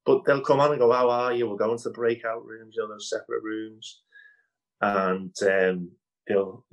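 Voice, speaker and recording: An improv comedian from Liverpool, England, talks with a Scouse accent as a guest in a relaxed interview over video call, full of fillers, restarts, and easy laughter. His voice sits on the low side with fairly even intonation at normal speed, and the audio is dull.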